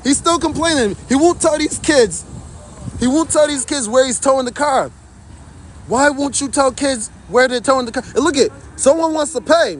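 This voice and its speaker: A man's voice: very high-pitched, moderate pace, slight background noise. A man livestreaming outdoors from his phone, indignantly commenting to his chat in a repetitive way.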